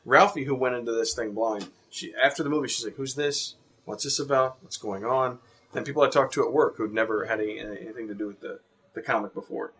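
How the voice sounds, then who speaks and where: A man's voice: fairly low pitch, quick pace, a bit bright, slightly rough. A man co-hosting a casual movie podcast, giving blunt, opinionated takes. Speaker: podcast co-host. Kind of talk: casual chat.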